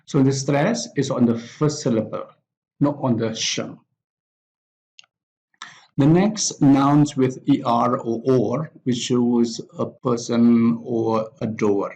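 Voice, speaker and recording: A man teaching an English pronunciation lesson, reading out example words one by one with pauses between them. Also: medium pitch, a little mellow, muffled recording. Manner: deliberate, pausing after each example word. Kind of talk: slow spoken lesson reading word lists.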